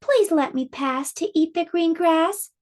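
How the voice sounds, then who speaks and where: A woman's voice: extremely high pitch, unhurried, darkish tone, voice pushed up. A woman voicing the smallest, timid billy goat in a children's storybook reading, pleading in a small voice.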